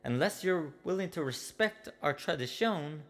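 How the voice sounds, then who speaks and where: A man voicing a laid-back young male host who says "bro" a lot, slow and insistent about his house's tradition. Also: fairly high pitch, lively intonation, voice pushed up. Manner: slangy, drawn-out, calls everyone bro.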